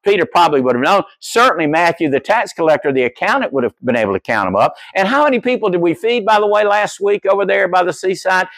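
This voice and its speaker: A man preaching a sermon as pastor, telling stories in an animated way and putting questions to his congregation. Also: high voice, fast talker, few pauses, dry recording. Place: church.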